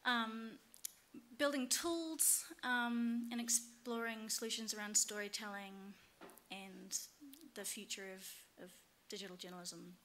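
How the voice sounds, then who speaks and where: A woman in her thirties with a New Zealand accent, giving a conference workshop talk and pausing often with "um". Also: mid-range voice, steady tone, fairly bright tone. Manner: hesitant, many ums. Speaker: workshop instructor. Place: conference room.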